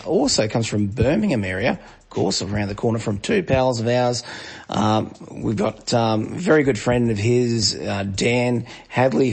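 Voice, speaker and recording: Australian male podcast host, husky tone, upbeat and jokey, easygoing chatter. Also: medium pitch. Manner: lively, jokey, Aussie slang. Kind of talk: casual podcast chat.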